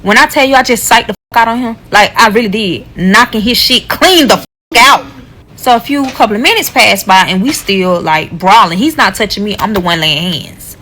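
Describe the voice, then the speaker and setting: A woman telling a casual storytime, blunt and profane, animated as she retells what happened. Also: medium pitch, normal speed, poor audio.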